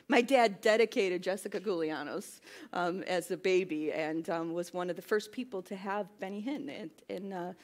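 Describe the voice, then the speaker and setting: A worship pastor in her thirties with a medium-pitched voice gives a sermon. She starts chatty and self-deprecating, then builds into emphatic preaching.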